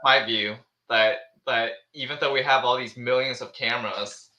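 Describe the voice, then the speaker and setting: Male podcast host, chatty and halting, crisp bright voice, roomy echo. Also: mid-range voice, steady tone, highs cut off, a little hiss or hum. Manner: chatty, halting, restarts often. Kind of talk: casual chat, reading a listener letter.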